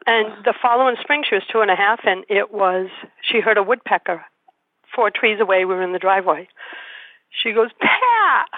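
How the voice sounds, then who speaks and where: A woman hosting a radio show, telling a family story in a lively way and acting out the voices she quotes. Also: mid-range voice, a little fast, no echo. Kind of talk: casual storytelling conversation. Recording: tinny phone-line sound, dry.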